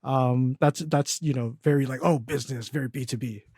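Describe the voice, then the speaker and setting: A young agency founder, appearing as a podcast guest, rambles through a casual interview chat with lots of fillers and restarts, laughing at his own stories. His medium-pitched voice is steady, darkish and slightly rough, fairly quick, and the studio-quality recording has no echo.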